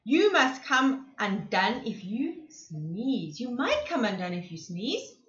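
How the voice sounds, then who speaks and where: A woman voicing an earnest male storybook zebra who gives slow, deliberate advice. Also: a little high, wildly swooping pitch, fairly bright tone, exaggerated voice. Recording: echoey room, slightly dull sound.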